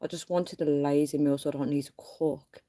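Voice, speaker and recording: A woman's voice: low voice, fairly even intonation, moderate pace, dark tone. A woman hosting a casual phone livestream, chatting to viewers she keeps calling guys and laughing often. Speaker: livestream host.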